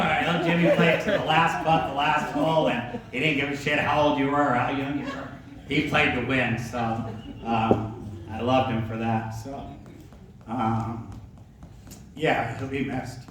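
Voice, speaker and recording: A man's voice: medium pitch, steady tone, a little slow. Folksy man telling a story, far off. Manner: folksy, laughing, swears freely. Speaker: storyteller remembering a friend. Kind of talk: casual anecdote. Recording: echoey room, mic from far off, ambient noise.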